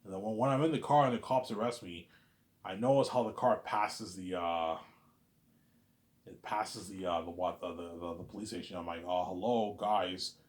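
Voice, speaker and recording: Low-voiced man rambling through a story. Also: normal speed. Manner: rambling, repeats filler tags and stammers. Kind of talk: casual spoken storytelling.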